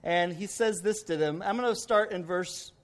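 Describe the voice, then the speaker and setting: A man with a high voice preaches from the pulpit. He is folksy and likes to joke, telling stories to make his point. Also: moderate pace. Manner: folksy, joking storyteller. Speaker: pastor. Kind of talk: sermon.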